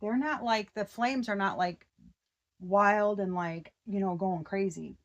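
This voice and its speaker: A woman giving a casual tarot reading, excitable and slangy, often breaking off mid-sentence to start over. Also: medium pitch, measured pace, lo-fi sound. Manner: slangy and profane. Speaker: tarot reader.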